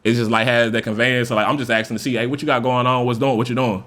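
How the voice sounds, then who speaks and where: Fast-talking man with a loose, profane delivery. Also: mid-range voice. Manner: loose, profane, animated speaker who acts out example voices. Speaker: podcast host. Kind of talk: casual monologue.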